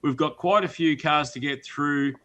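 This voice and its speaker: Bright-voiced Australian man co-hosting. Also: on the high side, moderate pace. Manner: jokey, laughs easily. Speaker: co-host. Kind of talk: casual live-stream chat.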